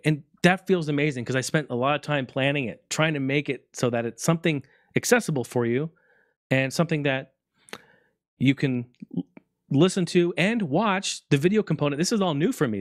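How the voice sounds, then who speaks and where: A man's voice: medium pitch, no echo, studio quality. Rambling, heartfelt male podcast host. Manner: rambling, heartfelt, swears casually. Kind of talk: casual solo podcast talk.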